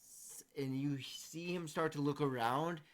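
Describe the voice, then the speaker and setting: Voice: mid-range voice, a little slow. A game master narrating a tabletop game in an easygoing way, with many fillers.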